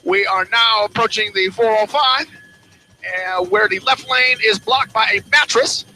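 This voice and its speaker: A man's voice: high voice, measured pace, bright, forceful tone, faint music behind, heavily acted, poor audio. A man playing a frantic radio traffic reporter in a helicopter, in a comedy radio sketch, breaking into shrieking panicked outbursts. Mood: chipper.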